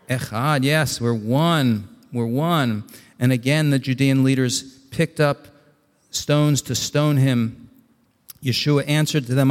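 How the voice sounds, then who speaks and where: A man preaching a sermon, reading scripture aloud and explaining it, climbing to excited emphasis and then dropping to quiet asides. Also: medium pitch. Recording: long hall reverb.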